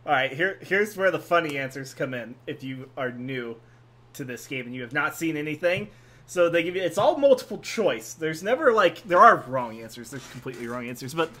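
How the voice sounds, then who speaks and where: A man's voice: on the high side, very animated, fairly quick, bright, forceful tone. A man streaming a video game, commenting casually in a playful, joking way. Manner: playful, laughs often, loose and joking.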